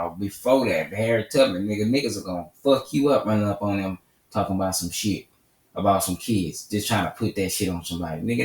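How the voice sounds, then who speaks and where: A man ranting with profane, combative, preachy commentary for his channel. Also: lowish voice. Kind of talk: angry commentary rant. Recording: roomy echo, mic at a distance.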